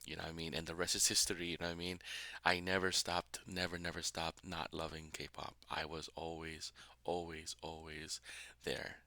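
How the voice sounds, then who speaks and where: A man's voice: deep voice, monotone, moderate pace, bright, forceful tone, no echo. A man hosting a music reaction video, talking casually and emotionally with many fillers.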